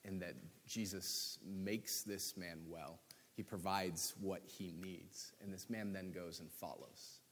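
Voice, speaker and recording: A man reflects on faith in a thoughtful, measured way, sometimes slowing down. His voice is low and husky. A long reverb hangs on the recording.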